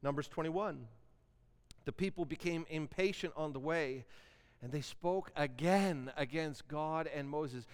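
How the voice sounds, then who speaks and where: A man preaching with an animated delivery, his voice smooth and resonant and pitched a little above the usual male range. He acts out questions and objections as he goes. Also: unhurried. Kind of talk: sermon.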